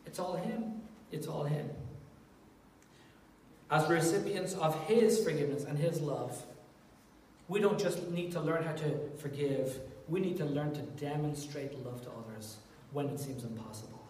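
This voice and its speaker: A man preaching a sermon in a jokey, animated way, swelling loud at times. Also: a little high, normal speed, slight background noise. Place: church hall. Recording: echoey hall from far off.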